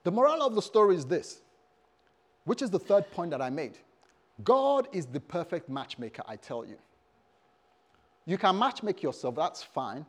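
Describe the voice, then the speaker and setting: A male pastor preaching a sermon in a church service, humorous and animated, calling out to the congregation. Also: high voice, normal speed, pauses often.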